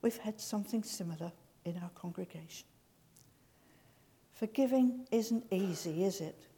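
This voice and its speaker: A woman giving a sermon in a gentle, slow storytelling way. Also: medium pitch, breathy edge. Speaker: preacher. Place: large church. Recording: reverberant church hall.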